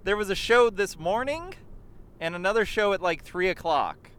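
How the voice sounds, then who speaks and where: Bright, lively young man chatting in a car. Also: sits high, normal speed, smooth. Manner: lively, excitable storytelling. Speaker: podcast co-host, driving. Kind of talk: comedic banter. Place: in a car in traffic.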